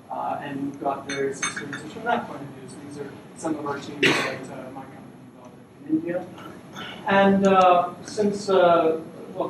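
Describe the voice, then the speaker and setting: A middle-aged man gives a relaxed evening talk, dotted with "uh" fillers. His fairly high voice comes from far off the mic in a very echoey hall, with clear noise behind it. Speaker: invited speaker. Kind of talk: evening lecture to an audience. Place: lecture hall.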